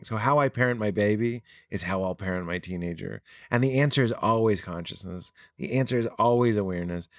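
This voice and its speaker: Earnest, animated man. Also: fairly low pitch, fairly quick, few pauses, dry recording, clean studio sound. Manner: earnest, animated, laughs often. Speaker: podcast guest. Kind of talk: casual conversation.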